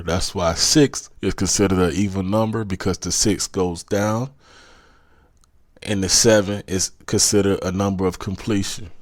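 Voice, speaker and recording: A man's voice: deep voice, a little mellow, dry recording, clean studio sound. A man from South Carolina with a Southern accent, hosting a podcast and giving a preachy, motivational monologue that keeps repeating its urgings. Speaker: podcast host.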